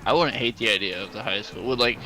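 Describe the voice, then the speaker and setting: A man co-commentating a streamed video game basketball game, relaxed, reading out stats with filler words. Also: on the low side, fast talker, soft background music, rough recording. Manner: relaxed, reads stat lines with fillers. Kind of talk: casual sports commentary.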